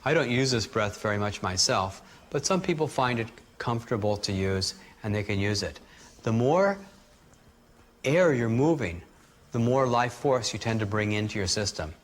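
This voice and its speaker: Man calmly guiding breathing exercises. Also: on the low side, normal speed, slight background noise. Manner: calm, guiding, demonstrates breathing aloud. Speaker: energy healing teacher. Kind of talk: instructional workshop teaching.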